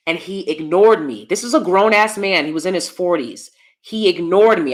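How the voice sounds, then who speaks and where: A woman vlogger telling a personal story in a blunt, profane, emphatic way, and calling herself loud. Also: on the low side, normal speed.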